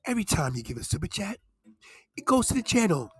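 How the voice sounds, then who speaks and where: A man hosting a live wrestling podcast, loud and playful, bursting into shouts and goofy sing-song bits. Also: sits high, big pitch swings, fast, breathy edge. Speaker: podcast host. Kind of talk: live watch-along chat.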